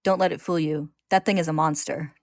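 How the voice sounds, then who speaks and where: A woman's voice: low-pitched, fairly even intonation, fairly quick, no room sound, studio quality. A woman voicing a firm, blunt young male swordsman.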